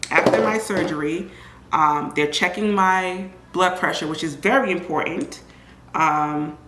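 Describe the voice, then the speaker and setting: A young woman vlogger telling her own story in a casual, animated way, often acting out other people's voices. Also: on the low side. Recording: echoey room with faint ambient noise.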